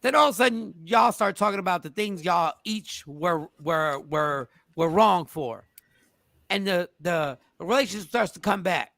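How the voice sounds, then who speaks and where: Excitable high-voiced male show host. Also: normal speed, vocal fry, no echo, clean studio sound. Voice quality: voice he calls irritating. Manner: excitable, animated, emphatic. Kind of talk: casual morning show talk.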